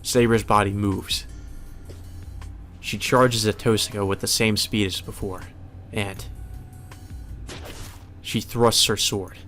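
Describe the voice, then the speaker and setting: Low-voiced man reading a visual novel. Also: fairly even intonation, slow, pauses often, fairly bright tone, faint music behind. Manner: plain narration with sudden swearing asides. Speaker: let's play host.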